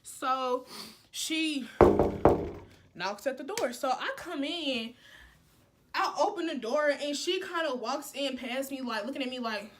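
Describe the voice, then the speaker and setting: A young woman vlogger telling a story in a casual, slangy way, jumping between loud outbursts and low asides. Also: a little slow, long pauses, noisy background.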